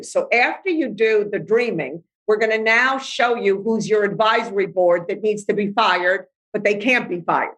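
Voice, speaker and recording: Woman, middle-aged, blunt straight talk, fairly high voice, lively delivery. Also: poor audio. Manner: blunt, animated, acts out inner voices. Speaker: life coach guest. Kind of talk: podcast interview.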